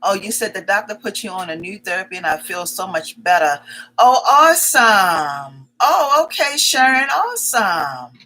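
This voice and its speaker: Bright, chatty woman hosting a livestream. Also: medium pitch, sing-song, poor audio. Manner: chatty, repeats greetings and welcomes in quick strings; greets viewers by name as their comments arrive. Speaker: livestream host. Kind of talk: casual live-stream chat.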